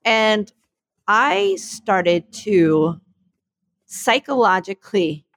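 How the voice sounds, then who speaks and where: A woman co-hosting a podcast in casual chat, telling stories in an animated, self-mocking way. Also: mid-range voice, very slow, no echo. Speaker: podcast co-host.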